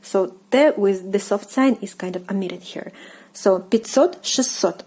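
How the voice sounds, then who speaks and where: A woman with a Russian accent, a native Russian speaker, teaching casually with many fillers and slow repetitions. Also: medium pitch, dark tone, husky. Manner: hesitant, many fillers, repeats words slowly. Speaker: language teacher.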